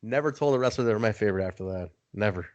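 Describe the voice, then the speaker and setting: A man's voice: on the low side, very fast, dry recording, highs cut off. A man hosting a podcast, telling a story in casual chat, acting out other people's lines and swearing for effect. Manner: animated storyteller, swearing, acting out quoted voices. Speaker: podcast host.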